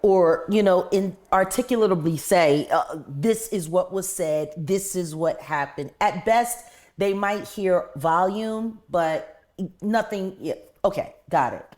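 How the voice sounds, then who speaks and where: A woman's voice: lowish voice, a little slow, darkish tone. A woman hosting an interview who stops to recap and check the facts for her audience. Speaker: talk show host.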